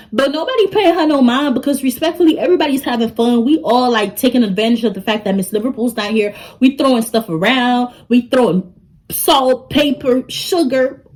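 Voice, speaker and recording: Animated young woman telling a story. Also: on the high side, low-quality recording. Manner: animated, talks straight to the audience. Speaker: vlogger. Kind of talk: storytime vlog.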